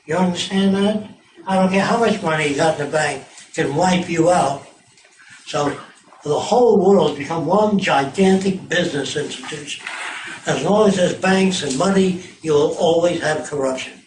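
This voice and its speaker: A man's voice: fairly high pitch, normal speed. An older man giving an informal public talk on tour, blunt, profane and sardonic. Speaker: lecturer on tour. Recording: echoey hall from far off, noisy.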